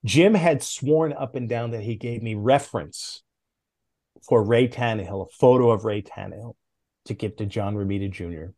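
A middle-aged man, a former comics editor, telling stories as a podcast guest in a lively, casual way, with big swings in pitch. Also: normal speed. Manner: animated anecdotes, with big jumps in pitch.

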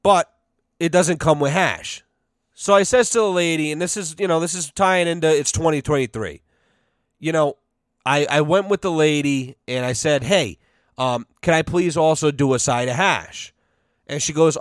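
A man's voice: a little high, normal speed, dry recording, studio quality. A man hosting a podcast, ranting casually with lots of swearing and fillers as he tells stories. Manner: profane, rambling, with many fillers; animated storytelling. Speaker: podcast host.

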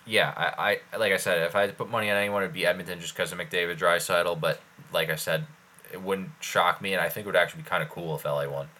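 A man's voice: low voice, fairly even intonation, quick pace, sharp tone. A man co-hosting a casual sports podcast, rambling with lots of fillers. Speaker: podcast co-host.

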